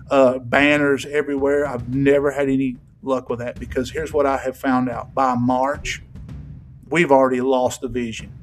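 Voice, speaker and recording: Folksy preaching man, faint music behind. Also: medium pitch. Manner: folksy, emphatic, with swings from loud to hushed. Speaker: pastor. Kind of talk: sermon. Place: church sanctuary.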